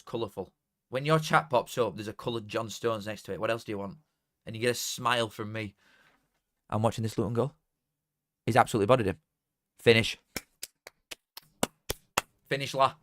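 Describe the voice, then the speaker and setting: A man's voice: medium pitch, moderate pace, long pauses. A young man with a Yorkshire accent chatting casually and swearing freely while he hosts a live football watchalong from home. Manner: excitable, swears freely, bursts into shouting at goals. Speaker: streamer hosting a football watchalong. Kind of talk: casual live stream commentary.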